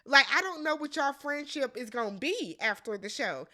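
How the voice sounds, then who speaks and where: Woman host recapping reality TV; high, sharp voice, sassy and unfiltered, does the cast's quotes in exaggerated voices. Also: animated, normal speed, hardly any pauses. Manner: blunt, sassy, swearing freely; acts out quotes with big pitch jumps. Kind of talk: casual recap commentary.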